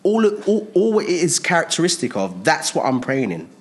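A man's voice: on the high side, sing-song, normal speed. Conversational male preacher with emphatic repetition. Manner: conversational, emphatic, repeats phrases. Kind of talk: sermon.

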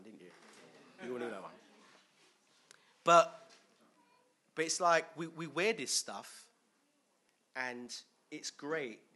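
A man's voice: mid-range voice, bright, forceful tone. A man preaching a chatty sermon, quizzing the congregation and chuckling often. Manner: chatty, asks the crowd questions, chuckles often. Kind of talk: conversational sermon with questions to the congregation.

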